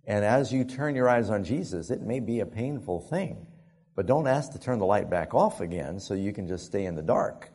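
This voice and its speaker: A male preacher telling a story in a sermon, animated and often laughing as he talks. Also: lowish voice, moderate pace, slightly rough.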